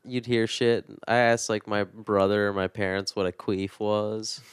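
A man's voice: on the low side, fairly even intonation, unhurried, clean tone, no room sound, clean studio sound. A man in casual chat, wisecracking with profane interjections.

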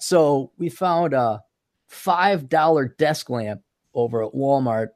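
A man's voice: mid-range voice, slow pace, darkish tone, dry recording. Rambling male podcast host, dry close mic. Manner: rambling, self-deprecating, many restarts. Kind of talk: casual podcast chat. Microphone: desktop studio-style USB mic.

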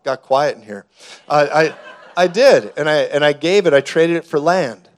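A man preaching a fervent sermon to a congregation in a church, building at times to shouts. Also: a little high, animated, normal speed. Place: church hall before a congregation.

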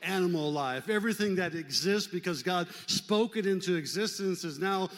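An older male pastor preaching in a fairly high voice, his words trailing off into a long reverb that fills the hall. He preaches conversationally with folksy asides, rising to loud emphasis and dropping to near-hushed tones. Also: normal speed. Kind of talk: sermon.

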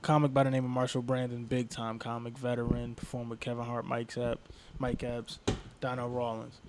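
Fairly quick and mid-range, this young man's voice carries a slight hiss or hum. He's a comedian recounting an anecdote on a laid-back podcast, animatedly performing the people he quotes.

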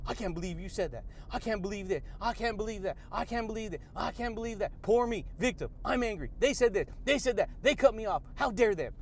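A whiny, self-pitying ego voice, as a man mimics it, grumbling that it can't believe what was said. The voice is fairly high for a man but drops softer and quieter here. It keeps repeating the same indignant complaint. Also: expressive, fast talker, few pauses, slight background noise.

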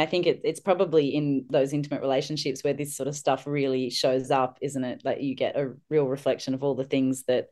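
Low-voiced woman hosting a podcast. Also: fairly even intonation, fairly quick, hardly any pauses, darkish tone. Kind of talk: casual podcast conversation.

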